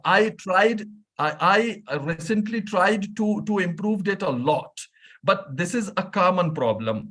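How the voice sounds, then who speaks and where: Man, Pakistani accent, Urdu speaker, slightly high voice, slow and halting, self-deprecating. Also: fairly bright tone. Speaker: club speaker. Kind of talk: short speech at a club meeting.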